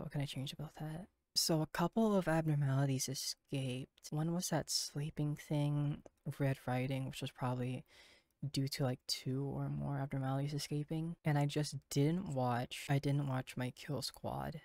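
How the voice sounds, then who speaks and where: A man's voice: fairly high pitch, fairly even intonation, normal speed, gravelly, darkish tone, no echo. A man commentating his own gameplay, tense and shaky, swearing often and repeating himself in frantic bursts. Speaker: gaming streamer.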